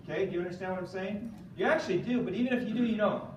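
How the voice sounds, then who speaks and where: A man giving an animated motivational training talk to a live audience, often quizzing them and asking "okay?". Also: high-pitched, very fast, highs cut off, slight background noise. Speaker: seminar speaker. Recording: echoey room from far off.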